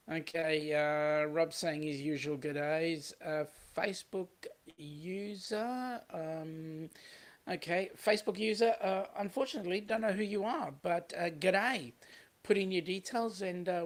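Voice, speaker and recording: A livestream host with an Australian accent, talking casually and greeting viewers by name as they read the chat aloud. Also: medium pitch.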